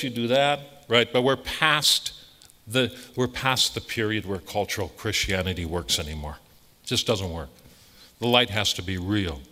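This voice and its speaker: A priest delivers a conversational sermon with a bright, forceful edge to his voice. He is blunt and emphatic, driving points home by repeating phrases. His words ring out with the long reverb of a large hall. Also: mid-range voice.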